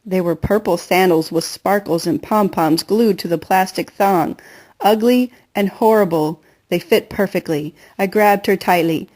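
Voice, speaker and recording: Brief: woman audiobook narrator, steady and earnest, mid-pitched. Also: moderate pace. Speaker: audiobook reader. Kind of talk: first-person novel narration.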